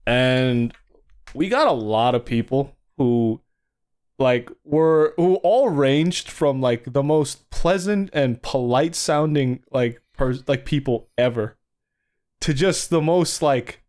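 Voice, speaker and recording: A man's voice: medium pitch, slow, darkish tone, clear, resonant tone. A young man from New Jersey, co-hosting a podcast in a casual chat, rambling with lots of fillers and sliding into mock voices. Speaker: podcast co-host.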